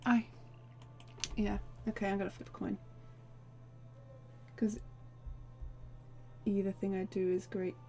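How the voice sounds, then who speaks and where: A woman's voice: mid-range voice, flat delivery, slow, creaky, long pauses, warm tone. Woman player in a tabletop game, unsure and anxious, stumbling over her words. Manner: anxious, hesitant. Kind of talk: casual tabletop game play.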